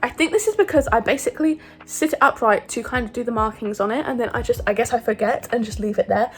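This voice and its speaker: A woman's voice: fairly high pitch, quick pace. A young woman in her twenties chatting casually about her makeup in her bedroom, upbeat and full of fillers, recorded on her phone. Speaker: beauty vlogger. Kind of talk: casual chatty product review. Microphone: phone camera.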